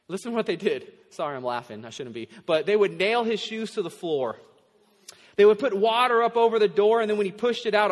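A male pastor preaching a sermon in a church, conversational and laughing often. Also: sits high. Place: church sanctuary. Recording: long hall reverb.

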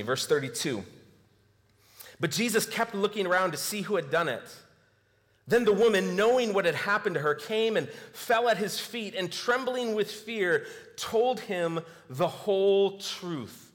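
A man's voice: high voice, animated, measured pace. Preaching man in an echoing hall. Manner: storytelling, acts out scripture quotes with softer voice. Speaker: pastor. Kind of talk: sermon. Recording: long hall reverb.

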